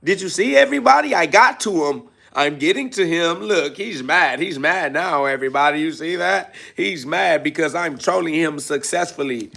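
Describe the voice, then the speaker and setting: A man's voice: on the high side, expressive, normal speed, creaky, few pauses, bright, forceful tone, heavily acted. A man voicing a childish male internet troll who brags in a whiny, sing-song way about his trolling. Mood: gloating.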